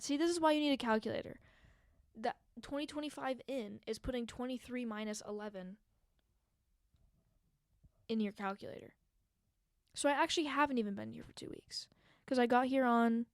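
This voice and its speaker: A woman's voice: a little high, no echo. A young woman hosting a solo podcast, chatting casually and rambling with lots of fillers and self-mocking asides into a handheld mic. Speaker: podcast host.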